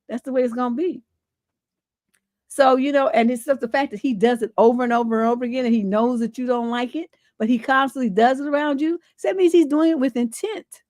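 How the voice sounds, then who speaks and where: A woman's voice: sits high, brisk, a little mellow, no echo, clean studio sound. Blunt, forthright woman advice host. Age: middle-aged. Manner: blunt, forthright, emphatic, swears freely. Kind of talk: livestream advice talk, reading a viewer letter.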